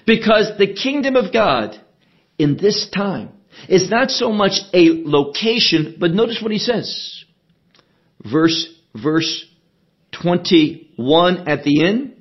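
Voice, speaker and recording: Male preacher, high voice, measured Bible teaching with emphatic stresses, dull lo-fi recording. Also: expressive. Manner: slow, deliberate expository preaching with emphatic stresses. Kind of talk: sermon.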